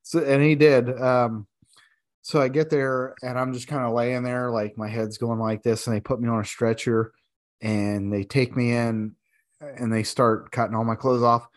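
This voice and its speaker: A man telling a war story in an easy, middle-pitched voice. He is animated and profane, and he laughs his way through it. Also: normal speed. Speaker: military veteran.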